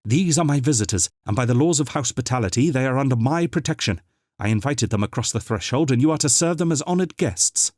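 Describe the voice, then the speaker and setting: A man's voice: mid-range voice, animated, a little fast, a little mellow, no echo, studio quality, pitched above the performer's own voice, lightly acted. A man doing a firm, commanding woman. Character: firm, protective adult woman of the household.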